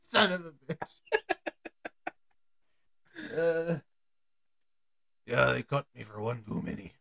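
A man's voice: medium pitch, expressive, measured pace, gravelly, sharp tone, full character voice. A man voicing a boastful male inmate with a put-on Irish accent, blustering and mock-tough.

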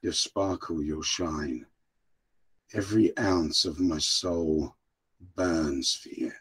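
A man voicing a hushed, swooning English gentleman in a put-on English accent, with slow, breathy, poetic flattery. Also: very deep voice, pitched below the performer's own voice, full character voice. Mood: adoring.

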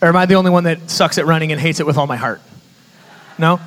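A man, a youth pastor, giving a sermon with animated storytelling and conversational asides to his audience. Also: fairly high pitch, fast talker. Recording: reverberant hall.

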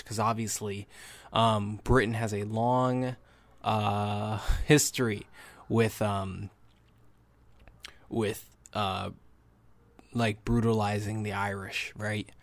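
A man's voice: fairly low pitch, dry recording. A young man hosting a podcast, giving casual, enthusiastic movie reviews with lots of fillers and restarts. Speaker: podcast host.

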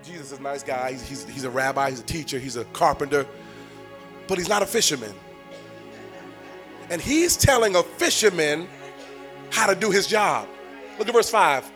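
A man preaching a sermon, repeating phrases and building to shouted points. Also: on the high side, normal speed, pauses often, faint music behind. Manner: animated, repetitive, building to shouts.

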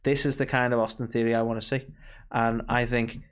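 A man's voice: mid-range voice, flat delivery, clean tone. A man with a Scouse-sounding northwest English accent, co-hosting a podcast and giving blunt, opinionated takes. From near Liverpool, England. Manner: opinionated, blunt, quick to argue. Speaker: podcast co-host. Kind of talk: casual chat.

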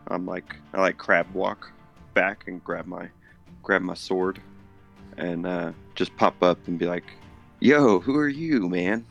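A man playing in a tabletop game, talking in a hesitant, halting way with a gravelly voice. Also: low voice, completely flat delivery, a bit bright, dull audio, soft background music. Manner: hesitant, halting with many fillers. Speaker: player. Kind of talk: casual tabletop game play.

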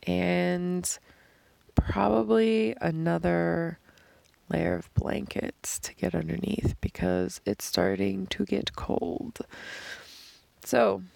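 A hoarse woman thinking aloud in a slow, halting voice diary, recorded on a phone held above her face while she lies outdoors at night. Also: mid-range voice, dark tone, no room sound. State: hoarse from screaming and crying. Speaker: podcast host. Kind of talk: reflective solo voice diary. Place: outdoors in the desert at night, lying under blankets.

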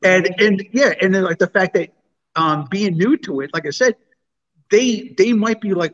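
A high-voiced man chats casually about ghost hunting, often stumbling over the first words of a sentence. The recording sounds dull and lo-fi. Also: fairly bright tone. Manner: halting, repeats words when starting. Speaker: paranormal investigator. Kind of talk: casual chat.

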